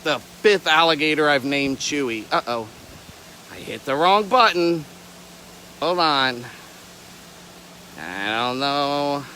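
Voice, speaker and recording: A man's voice: high voice, bright, forceful tone, a little hiss or hum, low-quality recording. A young man from Florida who keeps alligators, chatting playfully on a casual outdoor livestream and wandering off on tangents. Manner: playful, rambling, jumps between tangents. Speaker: reptile keeper livestreaming.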